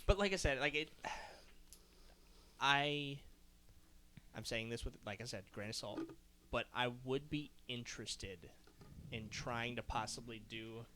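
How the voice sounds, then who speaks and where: Casual podcast guy with a bright tone, rambling, full of "like, right?". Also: mid-range voice, measured pace, long pauses, a little hiss or hum. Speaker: podcast co-host. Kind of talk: casual chat.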